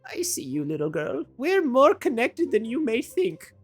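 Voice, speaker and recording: A woman voicing a mysterious, knowing woman who speaks in a slow, cryptic way. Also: on the high side, big pitch swings, breathy edge, faint music behind, pitched above the performer's own voice.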